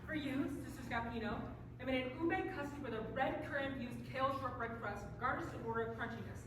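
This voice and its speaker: A woman's voice: sits high, fast, noisy background, lightly acted. A woman playing a put-upon, self-pitying young Cinderella in a live stage comedy, theatrical and mock-cheerful. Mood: gracious. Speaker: stage actor. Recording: echoey live stage from far off.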